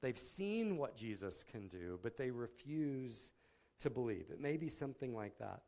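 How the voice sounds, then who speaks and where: A man's voice: mid-range voice, very animated, moderate pace, mellow. A man giving a sermon in a conversational tone, often acting out quotes from the people in the story. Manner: conversational, with filler words and restarts, acting out quotes. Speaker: pastor.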